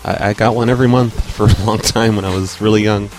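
A low-voiced man rambles through a casual chat as co-host, laughing easily along the way. Faint music plays underneath. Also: steady tone, quick pace. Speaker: podcast co-host.

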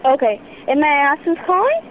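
Young woman, fast food worker, polite, reassuring, high voice, dull phone line. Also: sing-song, a little hiss or hum. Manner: polite, repeated reassuring "okay"s.

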